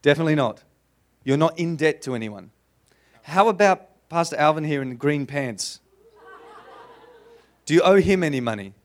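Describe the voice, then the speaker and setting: Animated Australian pastor, high voice. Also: male voice, normal speed, pauses often. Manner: animated, playful preaching with audience questions. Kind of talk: sermon. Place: church before a congregation.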